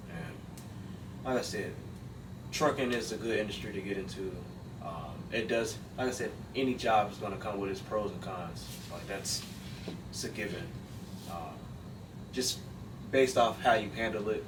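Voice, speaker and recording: A man on a podcast talking in casual chat, halting with many fillers and repeated words. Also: on the low side. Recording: roomy, distant mic with faint noise.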